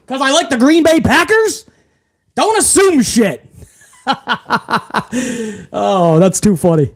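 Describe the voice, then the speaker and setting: A man from New England giving a live, casual, excitable review of a wrestling show, full of swearing and slang. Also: sits high, very slow, pauses often, slightly rough.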